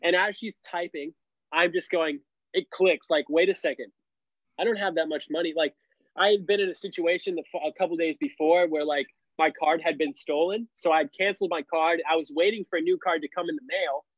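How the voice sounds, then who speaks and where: A man's voice: on the high side, brisk, no room sound. A young man telling a story casually as a podcast guest, leaning on "like" as a filler. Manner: animated, heavy use of "like" fillers. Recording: dull, lo-fi and dry.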